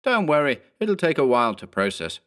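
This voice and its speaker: A man voicing a calm, casually reassuring clone of a man in a horror audiobook. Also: medium pitch, a little fast, voice pushed up. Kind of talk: audiobook character voice.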